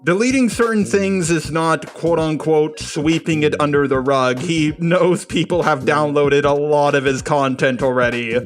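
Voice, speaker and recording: A man's voice: a little high, unhurried, hardly any pauses, faint music behind. A man doing a sarcastic, combative rebuttal commentary voice-over, swearing now and then. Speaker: commentary youtuber.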